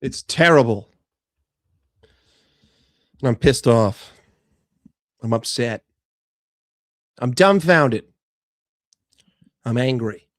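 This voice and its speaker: A man's voice: mid-range voice, slow pace, pauses often, no echo, clean studio sound. A young man streaming live, frustrated and swearing as he rants and answers chat about his football team. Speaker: fan channel streamer.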